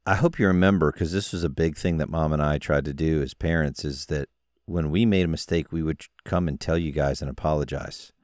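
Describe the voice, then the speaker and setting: A man's voice: rumbling low, a little fast, a little mellow, no echo, studio quality. A middle-aged man hosting a podcast, talking in a preachy, fatherly way. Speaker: host. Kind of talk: casual podcast interview.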